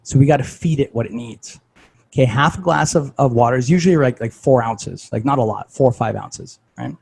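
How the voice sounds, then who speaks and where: A man's voice: mid-range voice, a little fast, vocal fry, darkish tone, husky, poor audio. A man talking casually as a fitness coach, conversational and full of "like" and "right?".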